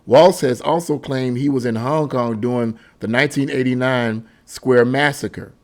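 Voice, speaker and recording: Man, political commentator, indignant, emphatic, mid-pitched voice. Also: moderate pace. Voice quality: emphatic, indignant, repeats himself. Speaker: political commentary channel host.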